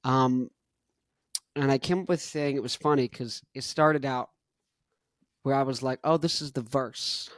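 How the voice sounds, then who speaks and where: A man's voice: medium pitch, a little slow, pauses often, dry recording, clean studio sound. A young man hosting a casual podcast, rambling in laid-back slang and chuckling between thoughts. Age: young adult. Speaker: podcast host. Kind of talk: casual chat.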